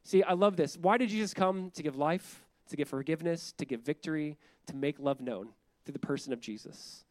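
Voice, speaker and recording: A pastor delivering a sermon in a bright, high male voice, pressing his points through repetition. He talks in a casual, animated way and laughs readily as he goes. The sound is dry, with almost no room around it. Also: a little fast, few pauses, no echo. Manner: animated, conversational preaching with emphatic repetition; laughs often while speaking.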